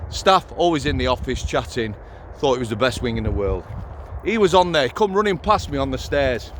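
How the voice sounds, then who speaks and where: A man's voice: mid-range voice, lively intonation, normal speed, slight background noise. A middle-aged man, a former prison officer telling stories to his channel in a blunt, sweary, conversational way, outdoors. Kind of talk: casual vlog storytelling.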